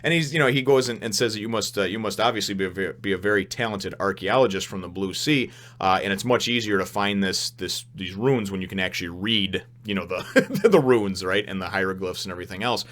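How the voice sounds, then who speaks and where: A man's voice: on the low side, brisk. A young man giving a casual, rambling spoken review of a manga chapter, full of fillers and restarts. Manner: rambling, animated, many fillers and restarts, laughs often.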